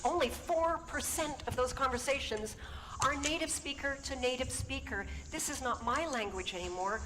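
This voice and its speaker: Woman telling a story in a reverberant hall. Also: on the high side. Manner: animated, puts on accented voices for quoted people. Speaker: conference speaker. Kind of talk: storytelling talk on stage. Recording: hall reverb and noisy talk recording.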